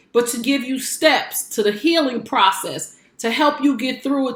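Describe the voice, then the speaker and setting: Woman, 40s, life coach hosting her show; higher voice, emphatic and preachy, roomy echo. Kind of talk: motivational broadcast talk.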